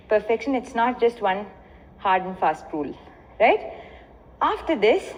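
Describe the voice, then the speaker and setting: An Indian-accented woman teaches dance, her voice fairly high and lively as she moves between explanation and rhythmic chanted syllables. The sound is muffled and lo-fi, with a long echo as if from a hall. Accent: Indian English.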